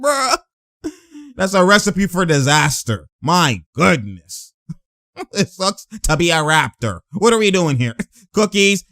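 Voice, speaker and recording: A man giving loud, laughing, slangy commentary as he reacts to game footage. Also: a little high, very animated, slow, no room sound, clean studio sound. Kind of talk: excited live reaction commentary.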